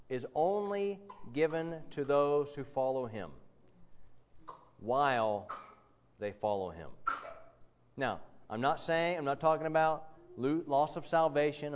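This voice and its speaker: A man preaching in an earnest, emphatic way, his voice sitting a little high for a man. He works through his points with plenty of fillers and quick asides. The sound is dull and lo-fi. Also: a little hiss or hum. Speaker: pastor. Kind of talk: sermon.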